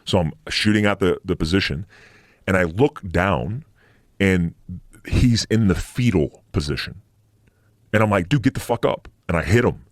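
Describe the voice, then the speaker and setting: A man's voice: low-pitched, a little slow, pauses often, dry recording, studio quality. A middle-aged man, a military veteran and podcast guest, telling war stories in a blunt, profane, casual way, sometimes making sound-effect noises. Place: podcast studio.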